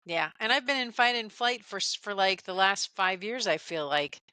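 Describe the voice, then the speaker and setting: Candid bright-voiced woman podcaster. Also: mid-range voice, expressive, moderate pace, clean tone, dry recording. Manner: candid, stammering restarts, emotional. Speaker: podcast co-host. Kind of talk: casual chat.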